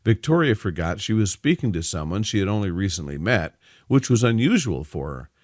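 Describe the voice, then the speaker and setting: Casting: male storyteller, lowish voice, animated delivery, dry close sound. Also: a little fast, no echo. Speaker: narrator. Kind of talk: scripted story narration.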